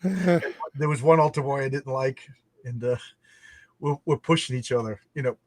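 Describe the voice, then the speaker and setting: A man telling childhood stories in a casual chat, animated and laughing, often repeating words as he starts a thought. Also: mid-range voice, moderate pace, no echo. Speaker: podcast host.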